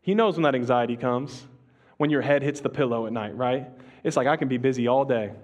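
A male pastor with a mid-range voice preaches in a casual, conversational manner, peppered with slang and restarts. He drops to a slow hush on key phrases, and the recording sounds lo-fi.

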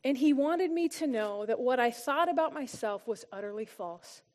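A woman sharing a heartfelt personal testimony and teaching at a church gathering, her earnest voice often dropping soft and quiet for emphasis. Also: high voice, lively intonation, normal speed. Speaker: church small-group speaker.

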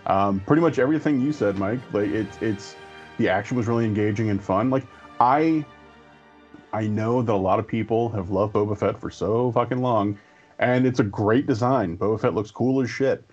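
A man co-hosting a casual geek podcast, laid-back and profane, with animated asides. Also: on the low side, normal speed, muffled recording, soft background music. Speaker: podcast co-host.

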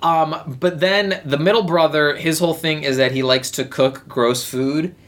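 A woman's voice: low-pitched, normal speed. A woman co-hosting a podcast, chatting casually through a movie recap and acting out quoted lines. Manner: animated, acts out quoted lines. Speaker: podcast co-host.

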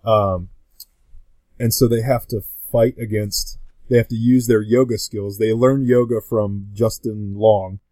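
Brief: man, low voice, podcast guest, rambling casual talk, dry close sound. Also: steady tone, measured pace, warm tone, no room sound. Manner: rambling, full of fillers and restarts. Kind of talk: casual chat.

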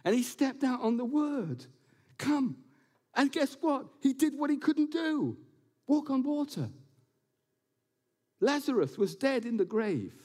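A man preaching a sermon to his congregation in a church building, animated and quick to slip in jokes and asides. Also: extremely high pitch. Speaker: pastor.

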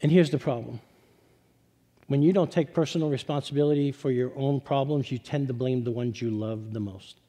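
A middle-aged man with a New York accent, a pastor telling his testimony to a congregation, lively when joking and low and quiet when serious. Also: a little fast. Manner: animated storytelling, turning low and quiet for serious parts. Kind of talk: sermon testimony.

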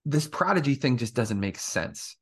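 Relaxed, explaining man on a podcast. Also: medium pitch, moderate pace, slight background noise. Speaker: podcast co-host. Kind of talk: casual chat.

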